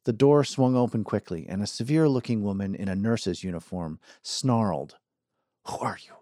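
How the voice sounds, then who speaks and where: Low-voiced man narrating an audiobook. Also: normal speed, dark tone, no echo, studio quality.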